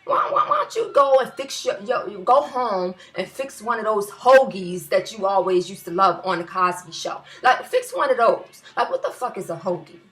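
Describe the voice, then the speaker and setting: A woman's voice: medium pitch, animated, normal speed, hardly any pauses, a bit bright. A young woman with a New York area accent, ranting heatedly in a video blog, cursing and repeating phrases for emphasis. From US tri-state area. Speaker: vlogger.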